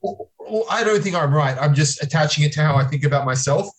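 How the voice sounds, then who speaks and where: A man's voice: fairly high pitch, lively intonation, rough recording. A man on a podcast, hedging and restarting as he talks through an abstract idea. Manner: halting, hedging, with many restarts while theorizing. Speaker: podcast guest. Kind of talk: casual podcast chat.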